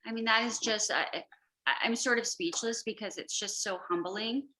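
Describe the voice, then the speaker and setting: A woman host speaks in a bright, forceful voice. She talks effusively and chattily, leaning emotional as she steers a casual interview. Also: mid-range voice, moderate pace, rough recording. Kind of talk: casual chat.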